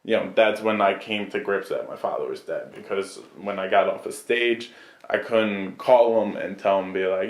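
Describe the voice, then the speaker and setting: A man recounting a personal memory in a fast, earnest way. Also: low voice. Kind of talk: personal recollection. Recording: echoey room.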